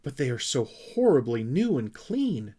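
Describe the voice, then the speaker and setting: A man voicing gentle wanderer Snufkin. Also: mid-range voice, sing-song, unhurried, slightly rough. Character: gentle wandering young male creature, calm and a little sad.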